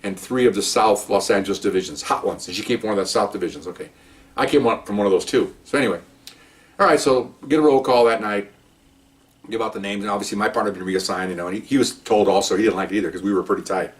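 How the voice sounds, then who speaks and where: Older man, retired cop, low voice, quick talker, chatty and joking, slightly distant mic. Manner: chatty, joking, with frequent "okay?" asides. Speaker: retired police officer storyteller. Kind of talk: casual first-person storytelling.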